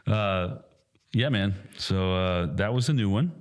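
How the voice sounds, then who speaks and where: A man in his thirties, co-hosting a casual podcast, telling an animated story, swearing often and acting out quotes loudly. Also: fairly low pitch, normal speed. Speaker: podcast co-host and airsoft field staff.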